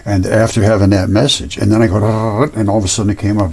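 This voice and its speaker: A man's voice: fairly low pitch, fairly even intonation, fast talker, hardly any pauses, husky. A man hosting his own channel, talking casually and earnestly over images, rambling and repeating himself. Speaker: host.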